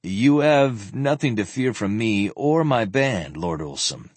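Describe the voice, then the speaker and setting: Man doing a calm, wry knight. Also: fairly low pitch, takes it slowly, breathy edge, dry recording, heavily acted. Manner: quiet, polite, mildly ironic.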